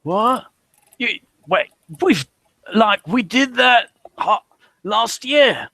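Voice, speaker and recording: A man's voice: high-pitched, lively intonation, extremely slow, creaky, pushed and bright, no echo, exaggerated voice. A man voicing a young, easygoing male cult acolyte who hesitates, repeats his words and says "like" a lot. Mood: bemused.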